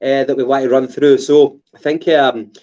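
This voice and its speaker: A man's voice: medium pitch, level tone, normal speed, mellow, lo-fi sound. A Scottish man co-hosting a casual football podcast, hesitant with many fillers and restarts. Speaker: podcast co-host.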